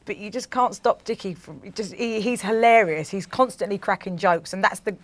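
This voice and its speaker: A woman's voice: mid-range voice, normal speed, dry recording. A woman talks in a chatty way, recorded dry and close. She speaks loosely and readily as a promoter on a studio show. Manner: chatty, laughs easily. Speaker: event promoter. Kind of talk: casual studio chat.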